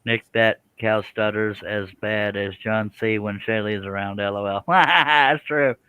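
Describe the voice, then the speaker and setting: A man's voice: lowish voice, a little slow, pushed and bright, clean tone, dry recording, rough recording. A man hosting a live stream in a casual, joking chat, reading out viewer comments. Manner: joking, chuckles, does silly animal noises.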